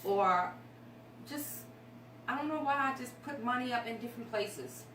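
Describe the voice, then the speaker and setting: A woman's voice: on the high side, lively intonation, moderate pace, a bit bright. A woman guest on a talk show, speaking candidly and emotionally about her life, a bit rambling. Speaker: guest sharing her story. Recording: echoey room, distant mic, noisy.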